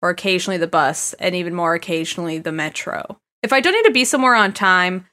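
A woman's voice: on the low side, animated, fast talker, sharp tone. A woman guesting on a casual podcast, chatting in an easygoing, candid way.

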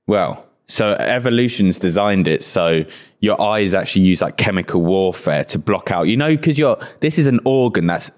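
A man's voice: sits low, expressive, moderate pace, hardly any pauses. A man co-hosting a podcast in casual, crude banter, swearing and joking as he explains facts. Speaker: podcast co-host.

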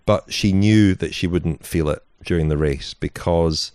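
A man's voice: sits low, measured pace, darkish tone, clear, resonant tone, dry recording, clean studio sound. A man co-hosting a podcast, telling a story in a meandering way with many "you know"s and restarts. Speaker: podcast co-host. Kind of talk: casual chat.

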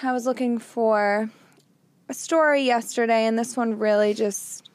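A woman's voice: a little high, fairly even intonation, measured pace, no room sound. A young woman co-hosting a casual faith podcast, telling personal stories with frequent giggles and emotion. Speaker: podcast co-host.

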